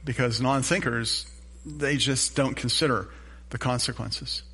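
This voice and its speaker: A man's voice: medium pitch, steady tone, measured pace, bright, forceful tone, slightly rough. A middle-aged man preaching a sermon as pastor, telling a self-deprecating story and asking the congregation questions.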